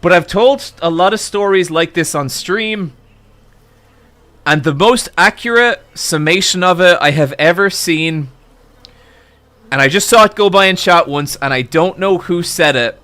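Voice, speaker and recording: A man streaming live and telling a long, exasperated anecdote to his chat, swearing freely and getting loud at the punchlines. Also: high voice, a little slow. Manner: profane, exasperated, building to loud outbursts. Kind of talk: animated storytelling to a live chat.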